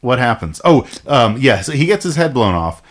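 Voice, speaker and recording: A man on a casual movie podcast who recaps the plot with jokes and casual swearing. His voice swings up and down in a lively way, from a middle pitch. He talks loosely and often restarts his lines. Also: normal speed. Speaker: podcast co-host.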